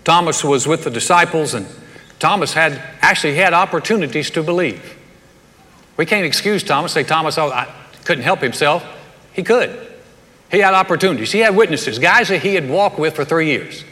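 A man delivers a sermon with a bright, forceful voice that sits a little high. He tells the story casually and animatedly and slips in jokes. The recording has the long reverb of a hall. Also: moderate pace. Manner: conversational, animated storytelling with humor. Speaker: pastor.

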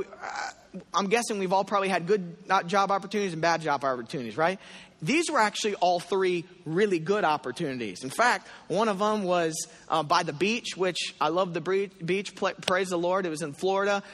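A man preaching a sermon in a church, telling a story with animated asides and acted prayers. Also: high-pitched. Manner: animated storytelling, voicing his own prayers. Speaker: pastor. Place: church hall. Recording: long hall reverb.

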